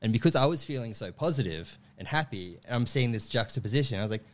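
A young man tells a comic story at a relaxed, conversational pace. He laughs often between lines and acts out the voices of the people in it. His voice sits at an ordinary middle pitch. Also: fast talker. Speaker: comedian guest telling a story. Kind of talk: casual storytelling.

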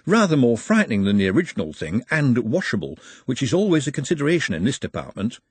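Brief: haughty tired wizard-scholar, husky and lively, male narrator. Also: medium pitch, quick pace, no room sound. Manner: haughty, weary. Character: lofty weary male necromancer academic.

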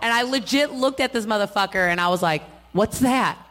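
A woman's voice: fairly high pitch, fast talker. A woman, co-hosting a casual podcast from a bar and telling stories with acted-out dialogue and plenty of swearing. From North Carolina. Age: 30s. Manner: animated storyteller, swears freely, acts out dialogue. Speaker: podcast co-host.

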